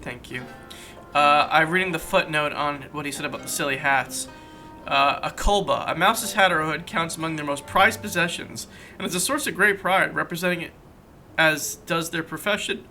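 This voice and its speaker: Guy reading game text on a let's play, bit high voice, playful, clear game music behind. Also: moderate pace, bright, forceful tone. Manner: playful, reads text aloud and stumbles over words. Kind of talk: casual gameplay commentary and reading game text aloud.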